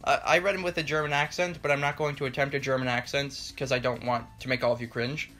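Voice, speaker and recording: A man's voice: mid-range voice, little pitch movement, fast talker, bright, forceful tone. A man giving a casual, joking spoken review, loosely paraphrasing what happens with lots of "like". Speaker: comic book reviewer.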